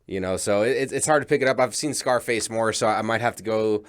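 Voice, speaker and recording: Low-voiced male co-host, hesitant, searches for his words. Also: fast talker, clean tone. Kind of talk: casual chat.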